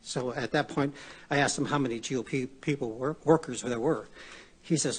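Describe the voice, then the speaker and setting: Out-of-breath man speaking off the cuff at a hearing, halting delivery, faint room hiss. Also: mid-range voice. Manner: halting, many fillers and restarts. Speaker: public testimony witness. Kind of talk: unscripted testimony.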